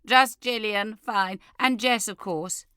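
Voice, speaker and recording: A woman reading an audiobook, voicing a brisk friend who calls out breezily. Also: medium pitch, bright, forceful tone, clear, resonant tone, no room sound, studio quality, pitched above the performer's own voice. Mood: calling out. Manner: breezy, calling out.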